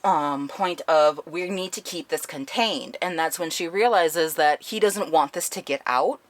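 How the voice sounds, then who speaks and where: A woman talks through a book review in a loose, conversational way, swearing freely as she retells the plot with open indignation. Her voice sits on the lower side for a woman. The sound is dry and close, with no room echo. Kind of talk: casual spoken book review.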